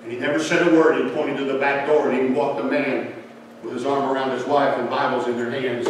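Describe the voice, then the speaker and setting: A man preaching a revival sermon as a story, going from soft quoted speech to loud pleading. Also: mid-range voice, flat delivery, a little fast. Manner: folksy storyteller, dropping to soft quotes and rising to loud pleas. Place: church sanctuary. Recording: echoey church hall, distant mic, faint noise.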